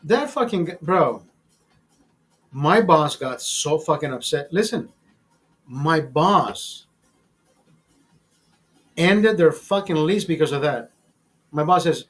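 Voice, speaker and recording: A man's voice: on the high side, takes it slowly, long pauses, faint music behind. A man hosting a show, telling a story in a casual, profane and emphatic way, often repeating himself. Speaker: show host.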